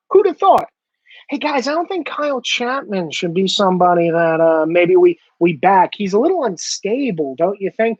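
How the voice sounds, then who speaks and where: Male host, high husky voice, sarcastic and swearing, dull lo-fi dry recording. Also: big pitch swings, moderate pace, no room sound. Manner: sarcastic, profane, mocking. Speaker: online show host. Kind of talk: ranting monologue.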